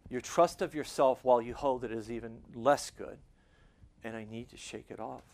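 A man preaching to a congregation, shifting between quiet, intimate stretches and loud, fervent passages, closing in prayer. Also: medium pitch, fairly even intonation, normal speed, creaky. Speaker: pastor. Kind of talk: sermon.

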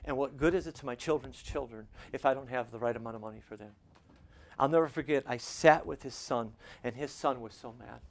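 A pastor addresses his congregation in a sermon, moving between quiet, intimate moments and loud, fervent passages before ending in prayer. His voice is mid-range and a little fast.

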